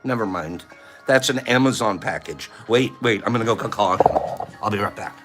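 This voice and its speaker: A man's voice: on the low side, normal speed, music in the background. An older man hosting a casual live-stream chat, telling stories and laughing often as he acts out the people in them. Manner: chatty, laughs often, tells stories with animated quoting. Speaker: vlog host.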